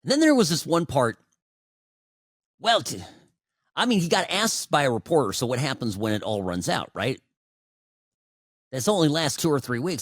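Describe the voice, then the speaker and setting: Animated man in his forties hosting talk. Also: a little high, moderate pace, long pauses, no room sound, clean studio sound. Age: 40s. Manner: animated, sarcastic, conversational with frequent asides. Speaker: political talk show host. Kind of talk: opinionated political commentary.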